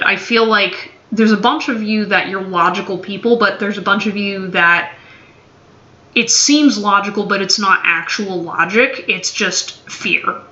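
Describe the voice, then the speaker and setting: Slow blunt woman reading tarot cards. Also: mid-range voice, pushed and bright. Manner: blunt, swears freely, playful drawl. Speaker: tarot reader. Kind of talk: casual tarot reading to camera. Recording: dull, echoey room recording.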